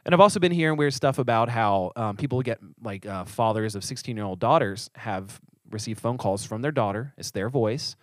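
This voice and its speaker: A man's voice: mid-range voice, a little fast, hardly any pauses, no echo, studio quality. A man co-hosting a casual podcast as a church leader, telling stories animatedly and acting out the voices of the people in them. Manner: animated storyteller who acts out quoted voices.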